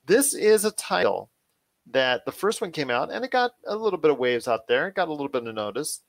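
A man's voice: fairly high pitch, very animated, a little fast, no room sound. A man hosting a casual pop culture podcast, talking enthusiastically with repetitive, rambling phrasing. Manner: enthusiastic, repetitive phrasing, addresses guest as my friend. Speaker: podcast host.

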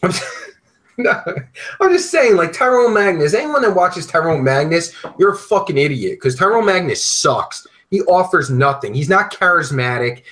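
Guy hosting a podcast, swears a ton, blunt rants, normal pitch. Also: fairly bright tone, rough recording. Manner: profane, blunt ranting. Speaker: podcast host. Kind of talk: casual podcast chat.

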